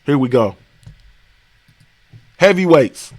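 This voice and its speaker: A man's voice: fairly high pitch, lively intonation, takes it slowly, a little mellow. A man hosting a boxing stream, ranting in a profane, casual way and firing off repeated rhetorical questions. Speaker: boxing show host. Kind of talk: live-stream rant.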